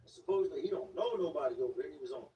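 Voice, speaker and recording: This man's voice sits on the higher side, with a dark tone, and he is expressive and very fast as he relates a slangy, repetitive street-talk story. Faint noise, room echo, and a far-off microphone mark the recording.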